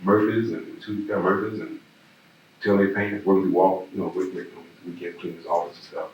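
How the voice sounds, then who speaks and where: Deep-voiced Southern man telling stories. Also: steady tone, brisk, darkish tone. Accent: Southern American. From Birmingham, Alabama. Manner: rambling, repeats words, laughs while telling stories. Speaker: oral history interviewee. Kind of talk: casual storytelling. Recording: echoey room, distant mic, faint hiss.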